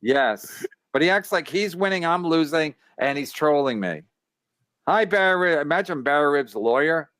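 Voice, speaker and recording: High-voiced ranting male comedian. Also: expressive, moderate pace, fairly bright tone, no room sound. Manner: ranting, profane, stammering restarts. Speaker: comedian host. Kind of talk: casual podcast banter.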